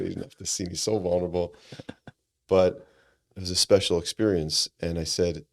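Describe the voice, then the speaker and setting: Deep-voiced man, earnest podcast storyteller, animated delivery with restarts. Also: moderate pace, vocal fry. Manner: animated, acts out quoted dialogue, frequent restarts; earnest and reflective. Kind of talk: conversational storytelling.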